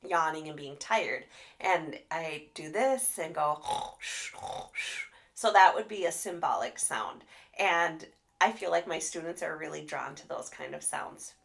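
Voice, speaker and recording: A woman speech therapist giving a live training talk, animated and expressive as she demonstrates sounds. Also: lowish voice, creaky.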